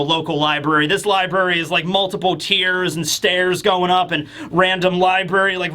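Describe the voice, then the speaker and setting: A man hosting a casual manga chapter review, rambling with lots of fillers and dropping into quick voices for the characters. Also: high voice, pushed and bright.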